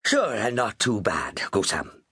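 A man's voice: lowish voice, wildly swooping pitch, measured pace, sharp tone, husky, dry recording, studio quality, full character voice. A man voicing a jovial, rambling Irish sea captain in an audiobook, with an Irish accent and a teasing manner. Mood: easygoing. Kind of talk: audiobook character voice.

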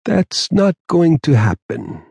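A man voicing a raspy aging mob boss who speaks slowly, patiently and with quiet confidence. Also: mid-range voice, big pitch swings, no room sound, clean studio sound, voice pushed up, full character voice. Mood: smooth menace. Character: aging mob don, raspy, calm and menacing. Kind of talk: audiobook character voice.

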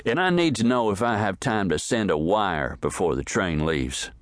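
A man voicing a hate-filled male stranger in a western audiobook, who talks haltingly with a drawl. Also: deep voice, lively intonation, no room sound, clean studio sound.

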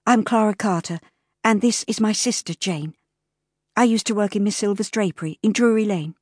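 A woman voicing a kind, sensible young working woman in an audiobook, gentle and earnest. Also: mid-range voice, normal speed, dry recording, studio quality, pitched above the performer's own voice, close to an everyday voice. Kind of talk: audiobook character voice.

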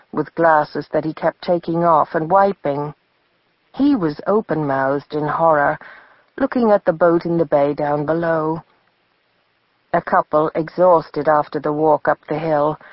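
A woman narrating a novel as an audiobook in a measured storytelling manner. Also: deep voice, no echo, highs cut off. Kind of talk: scripted narration.

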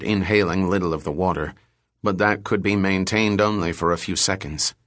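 A man narrating an audiobook thriller in a steady, measured storytelling manner. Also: sits low, no echo, studio quality.

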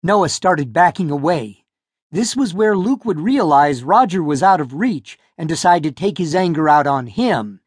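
A man reads a novel aloud in scripted narration, his voice moving lively up and down as he tells the story. The sound is dry and close, like a studio booth. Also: a little high, moderate pace, husky, no room sound. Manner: expressive storytelling. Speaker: audiobook narrator. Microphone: close studio mic.

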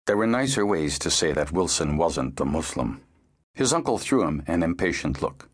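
Low, husky male audiobook narrator. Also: big pitch swings, normal speed.

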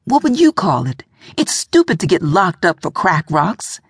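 A woman's voice: on the low side, big pitch swings, normal speed, breathy edge, no echo, clean studio sound, full character voice. A woman voicing a young man in jail who talks in a fretful, self-deprecating way. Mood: dejected.

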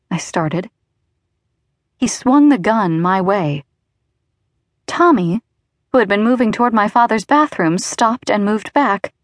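Brief: female audiobook narrator, wry and even first-person read, close dry studio sound. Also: medium pitch, slow pace, long pauses, no echo. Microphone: close studio mic.

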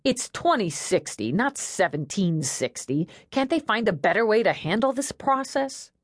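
A woman's voice: mid-range voice, very animated, moderate pace, no echo, clean studio sound. A woman voicing a tough, blunt woman police detective in an audiobook, wry and rattled.

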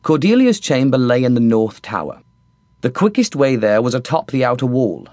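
Guy narrating a funny audiobook, cheeky and mocking, really animated, dry studio sound. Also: medium pitch, moderate pace, dry recording. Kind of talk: first-person audiobook narration, comic.

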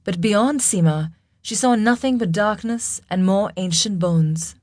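A woman narrating a fantasy audiobook in a measured, dramatic storytelling manner. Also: medium pitch, darkish tone, no room sound, clean studio sound.

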